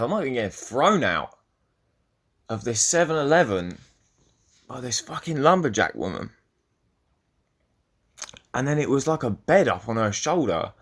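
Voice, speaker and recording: A young man hosts a solo podcast in a medium-pitched, slightly bright voice. He rambles and swears as he goes, frequently breaking off his own sentences partway through.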